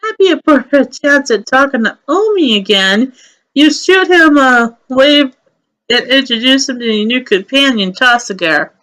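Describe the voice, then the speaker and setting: A woman's voice: high-pitched, expressive, unhurried, fairly bright tone, low-quality recording. A woman narrating a fantasy game's story aloud, in a storybook manner. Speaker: let's play narrator. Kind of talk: reading game story aloud.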